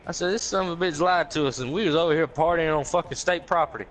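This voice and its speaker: A man's voice: a little high, fast talker, poor audio. Profane man telling a story. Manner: animated, profane, acts out quotes in raised voices. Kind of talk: casual storytelling with friends.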